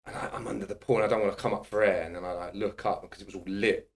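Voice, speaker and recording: A man's voice: lowish voice, racing, vocal fry. A man, a personal trainer and podcast guest, telling a casual anecdote with lots of swearing and laughter. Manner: animated, swearing, laughing storyteller.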